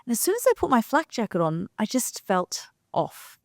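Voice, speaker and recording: Recounting a reporting trip on the conversation show she co-hosts, a journalist from London brings the story alive by voicing the people she encountered in dialogue. Her voice sits on the high side, sing-song and creaky at a moderate pace, in studio-quality sound with no room tone.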